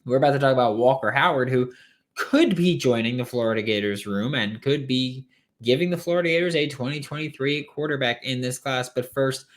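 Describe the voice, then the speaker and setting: A man's voice: medium pitch, brisk, a little hiss or hum. A man hosting a solo sports podcast late at night, tired but opinionated and emphatic, with rambling asides.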